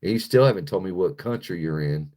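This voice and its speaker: Speaking briskly in a low, darkish, expressive voice, this livestream host from the United States reads the chat and goes off on an angry, foul-mouthed rant.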